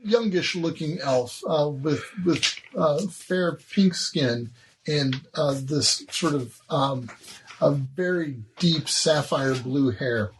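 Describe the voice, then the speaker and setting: A man narrating as game master, halting with fillers, over noisy binaural recording. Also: a little high. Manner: halting, many fillers and restarts while narrating.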